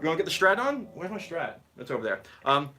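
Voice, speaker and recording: A man's voice: fairly high pitch, big pitch swings, quick pace. A man teaching guitar on a live stream, giggling and rambling as he reads the chat, with guitar playing behind.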